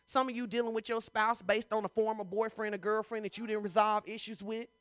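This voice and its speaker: Woman pastor, conversational sermon, bright and crisp voice, dry close sound, emphatic. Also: mid-range voice, little pitch movement, fairly quick, dry recording. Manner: conversational, full of rhetorical questions; emphatic, rising to loud bursts.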